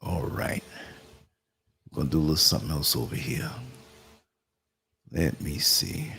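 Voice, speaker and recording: Gravelly New York man hosting a livestream. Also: a bass voice, very animated, unhurried, sharp tone, a little hiss or hum. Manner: chatty, laughs often, talks while working the computer. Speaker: live show host. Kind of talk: casual livestream talk.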